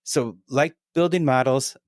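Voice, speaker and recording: A middle-aged man in an easygoing podcast chat, talking at an average pitch with lively energy. He keeps checking in with his listener with a quick "right?". His voice sits close and dry, with no room around it. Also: no echo. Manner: energetic, chatty, often adds "right?" to his points. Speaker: podcast guest. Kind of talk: casual podcast conversation.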